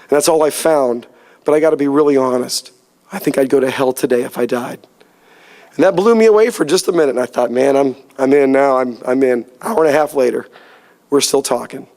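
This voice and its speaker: A man's voice: mid-range voice, fairly even intonation, a little fast, darkish tone, in a large hall. A man telling his faith story to a church group in an earnest, storytelling way, close to tears as he goes. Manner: earnest storytelling, voice rising and cracking with emotion. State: near tears. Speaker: church speaker sharing testimony. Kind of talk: testimony talk to a church group.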